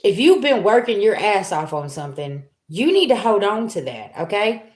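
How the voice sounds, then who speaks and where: A woman gives a casual tarot reading, speaking straight to her viewers in loose, everyday language. She talks at a mid pitch and often slips into lively voices for the people she quotes. The room around her sounds echoey. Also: moderate pace. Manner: colloquial, talks straight at the audience. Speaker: tarot reader.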